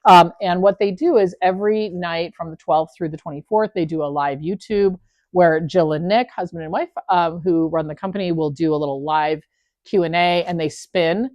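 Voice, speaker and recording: Woman, young adult, podcast host, casual chat, enthusiastic, rambling, lower voice. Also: normal speed, darkish tone, dry recording, dull audio. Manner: enthusiastic, rambling explanations with fillers.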